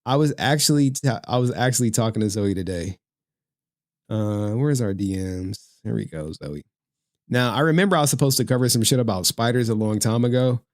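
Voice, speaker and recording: Guy streaming and just chatting, swearing and laughing a lot, really animated voice, dry sound. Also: mid-range voice, brisk, no room sound. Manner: laughs often, slangy and profane, talks to chat. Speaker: streamer host. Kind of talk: casual livestream chat.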